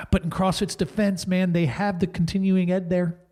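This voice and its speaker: A man co-hosting a relaxed podcast talks in a somewhat high voice. He rambles, jokes and corrects himself mid-sentence as he works through his thoughts. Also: moderate pace. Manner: rambling, self-correcting, jokey. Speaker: podcast co-host. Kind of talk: casual podcast chat.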